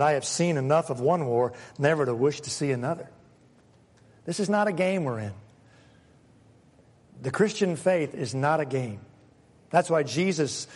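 A high-pitched man preaching a sermon in a big reverberant hall. He preaches dramatically, acts out the voices he quotes and swings from soft, low lines to loud, fired-up ones. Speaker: pastor.

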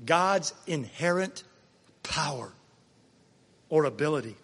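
High-voiced man preaching in a hall. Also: lively intonation, slow pace, a bit bright, breathy edge. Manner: conversational preaching, asking listeners questions. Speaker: pastor. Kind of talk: sermon.

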